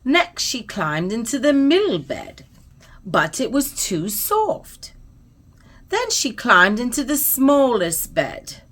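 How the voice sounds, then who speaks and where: A woman storyteller reading a children's bedtime story aloud in an expressive, soothing way. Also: a little high, takes it slowly. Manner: expressive, soothing, trailing into soft whispers at the close.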